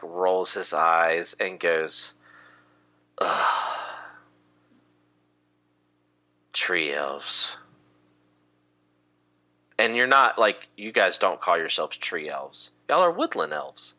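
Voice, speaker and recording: A man narrating a tabletop game as game master in a relaxed, laughing way. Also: low voice.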